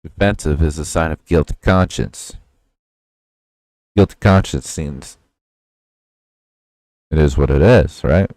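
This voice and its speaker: A man hosting a livestream, casually reacting to clips with a slow, lecturing manner. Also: a bass voice, a little mellow, dry recording. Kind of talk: casual reaction stream chat.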